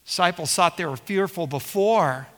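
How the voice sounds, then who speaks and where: A man's voice: high-pitched, moderate pace, in a large hall. A man preaching a sermon as pastor, explaining scripture and asking the congregation rhetorical questions.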